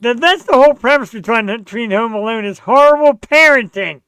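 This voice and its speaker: Male talk host, bright voice, animated and jokey. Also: extremely high pitch, brisk, clean tone, dry recording. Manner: animated storyteller, jokey and self-mocking. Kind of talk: casual chat.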